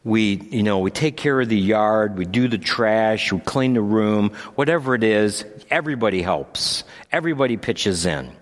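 A pastor preaching a sermon, moving between calm storytelling and raised, emphatic points. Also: male voice, lowish voice, moderate pace, hardly any pauses. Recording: long hall reverb.

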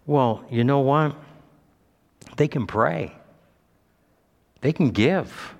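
A male pastor preaching a sermon with emphasis, his voice lifting high when he quotes Scripture. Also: very animated, extremely slow, creaky, pauses often, long reverb tail. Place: church sanctuary.

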